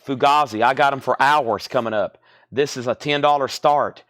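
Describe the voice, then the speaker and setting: A man runs a live record auction on a stream, reading off titles and repeating prices in a brisk patter. His voice sits at an ordinary middle pitch. The sound is dry and close, with no room echo. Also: fairly bright tone. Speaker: live record sale host. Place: record store.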